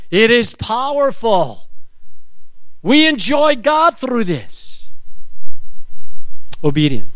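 A middle-aged male pastor preaching a sermon, animated and acting out little scenes as he talks. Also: sits high, no echo. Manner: animated, acts out voices and quotes.

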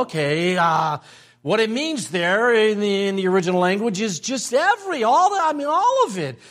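An older man preaching a sermon, telling stories and repeating phrases for emphasis. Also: high voice. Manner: animated storytelling with emphatic repetition. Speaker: pastor.

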